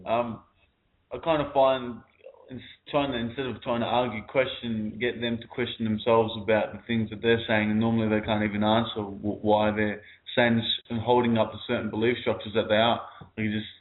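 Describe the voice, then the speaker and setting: A man's voice: on the low side, flat delivery, a little fast. A man on a panel discussion, speaking in a conversational, questioning way. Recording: tinny phone-like audio.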